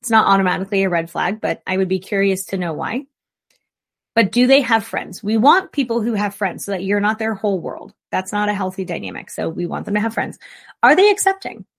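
A woman's voice: medium pitch, animated, a little fast, gravelly. Blunt, emphatic woman therapist. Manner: emphatic, direct, fires off rhetorical questions. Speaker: licensed therapist. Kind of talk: casual relationship advice monologue.

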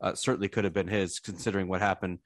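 A man in his thirties co-hosting a casual podcast, telling stories in an animated, self-deprecating way. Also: sits low, fast, no room sound, studio quality. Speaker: podcast co-host.

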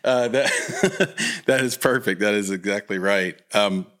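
Brief: podcast host, very low male voice, rambling and restarting, many ums. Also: a little slow, a bit bright. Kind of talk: casual interview.

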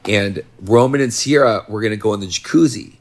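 A middle-aged man co-hosting a relaxed podcast conversation. He speaks in a somewhat low voice and drops in dry, laid-back remarks. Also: brisk. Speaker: podcast co-host. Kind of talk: casual chat.

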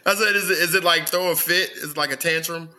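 A man's voice: a little high, fairly even intonation, brisk, pushed and bright, a little hiss or hum, poor audio. A man chatting casually, laughing easily and chiming in. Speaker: guest. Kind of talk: casual chat.

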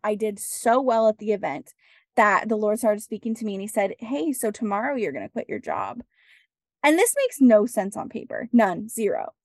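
Lively higher-voiced woman telling her story. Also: no echo, clean studio sound. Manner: animated, acts out dialogue, laughs often. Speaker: podcast guest, business strategist. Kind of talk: casual interview storytelling.

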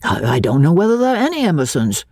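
A woman's voice: low voice, wildly swooping pitch, fast talker, darkish tone, dry recording, voice pushed up, exaggerated voice. A woman reading a boisterous teasing young man. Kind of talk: dramatic reading.

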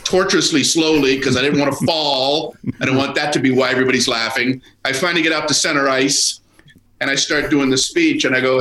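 A man's voice: medium pitch, fairly even intonation, fairly quick, sharp tone. A man telling a stage story as a guest comedian in a casual conversation, acting out other people in exaggerated voices. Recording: roomy echo.

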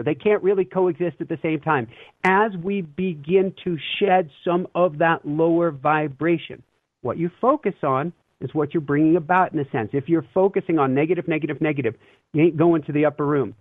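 A spiritual teacher on an interview recounts stories in an animated, conversational way, earnest and full of energy, laughing occasionally. His fairly high voice keeps a normal speed, and the recording is dry and tinny like a phone line.

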